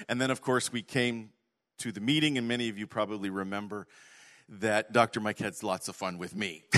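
A man preaching a sermon, telling an animated story, swinging from loud to hushed. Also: lowish voice. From Canada. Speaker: pastor.

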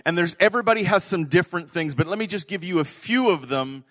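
A man preaching a sermon, telling an animated story, swinging from loud to hushed. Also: sits high, quick pace. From Canada. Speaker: pastor.

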